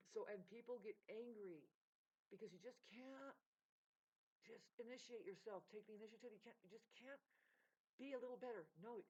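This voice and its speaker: A woman ranting to her viewers, rambling and swearing as she swings between loud outbursts and low mutters. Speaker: vlogger. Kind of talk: emotional unscripted rant to camera. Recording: dull lo-fi recording.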